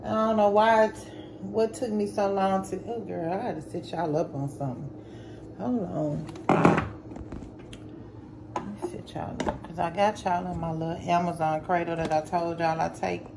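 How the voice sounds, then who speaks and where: A woman's voice: lowish voice, fairly even intonation, moderate pace, creaky. A sleepy, exhausted woman vlogging casually with speech, laid-back and tired, chatting to viewers as y'all and swearing casually. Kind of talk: casual vlog chat to camera. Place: home kitchen, indoors. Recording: echoey room with background noise.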